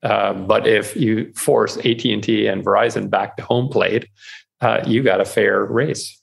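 Man, gravelly, slightly husky, lowish voice, animated casual chat, repeats words. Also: unhurried. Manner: animated, repeats and restarts words, acts out quoted inner voices. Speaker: author guest. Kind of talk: casual podcast conversation.

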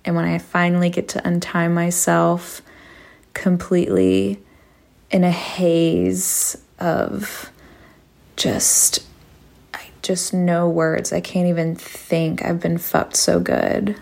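A woman narrates an intimate erotic story at an unhurried crawl, her low voice thick with gravelly fry. She stays hushed and sultry and slips into whispers. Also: little pitch movement. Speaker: podcast host.

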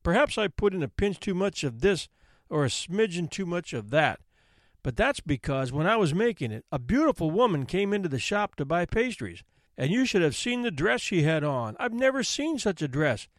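A man's voice: sits high, very animated, moderate pace, no room sound, clean studio sound. A man voicing a flustered, chatty baker who rambles out excuses to a judge in a folk tale. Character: flustered, gossipy male baker.

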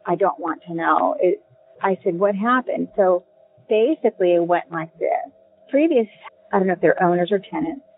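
A woman telling a personal ghost story in a casual, halting way, with many ums and restarts. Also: fairly low pitch, a little hiss or hum. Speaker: caller sharing a ghost story. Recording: tinny phone line.

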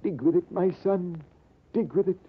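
An old foreign-accented Persian man, pitched up and pleading, as a radio actor puts him on. He speaks with grave, fatherly solemnity. The sound is thin and lo-fi, like an old radio broadcast. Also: moderate pace, breathy edge. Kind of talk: 1940s radio acting.

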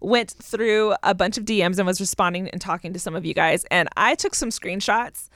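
A woman's voice: medium pitch, moderate pace, fairly bright tone, no echo, studio quality. Chatty woman podcast co-host. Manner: reads out listener messages, chatty and giggly. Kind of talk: casual chat.

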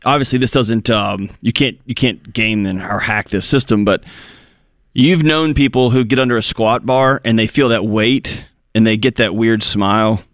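A man co-hosting a call-in advice show, telling lively stories and acting out quotes. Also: on the low side, normal speed, no echo, clean studio sound. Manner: animated storyteller, acts out quotes. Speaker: radio co-host. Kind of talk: call-in radio advice talk.

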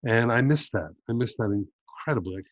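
A man's voice: medium pitch, lively intonation, moderate pace, no echo, muffled recording. A man interviewing an author, speaking in a reflective, thoughtful way. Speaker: interviewer and bookshop owner. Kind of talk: conversational interview.

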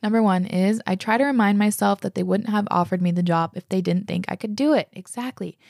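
Her voice is medium in pitch, gravelly and a little mellow, delivered a little fast in a studio-quality recording with no room sound. As a young podcast host, she reads listener letters and chats about them eagerly, swearing without hesitation.

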